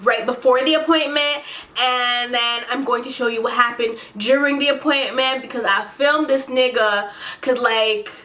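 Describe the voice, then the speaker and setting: A young woman from Canada, chatty and excitable, telling a story on her vlog. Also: a little high, moderate pace. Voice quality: slight lisp from a retainer. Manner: chatty, excitable, heavy use of "like". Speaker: beauty vlogger.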